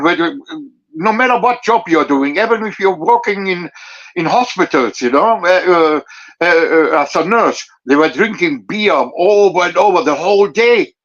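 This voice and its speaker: Man, halting English. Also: high-pitched, lively intonation, a bit bright, dull audio. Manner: halting, searching for English words. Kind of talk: casual podcast chat.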